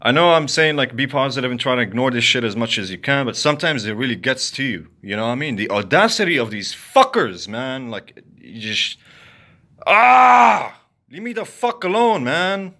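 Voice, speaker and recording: Angry ranting man, bright tense voice. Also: mid-range voice, expressive, fairly quick, hardly any pauses. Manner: heated, profane, repetitive. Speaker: vlogger. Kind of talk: angry rant to camera.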